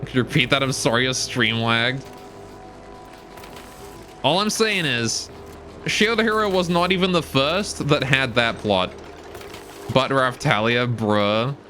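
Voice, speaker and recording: Bright-voiced British-Canadian gaming streamer. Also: male voice, medium pitch, slow, pauses often, soft background music. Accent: British, now mostly Canadian. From Britain. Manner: chatty and rambling, reads viewer questions aloud. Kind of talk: casual live-stream chat while playing.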